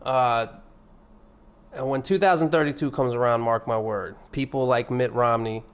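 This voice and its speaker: A man's voice: medium pitch, moderate pace. A young man hosting his own podcast alone, rambling and joking with lots of swearing. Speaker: podcast host. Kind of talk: casual solo podcast rant.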